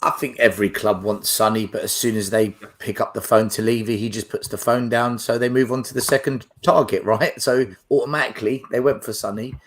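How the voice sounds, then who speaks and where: A man's voice: mid-range voice, fairly even intonation, brisk, few pauses. Argumentative male podcast guest. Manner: argumentative, stammers when starting. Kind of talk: casual fan podcast chat.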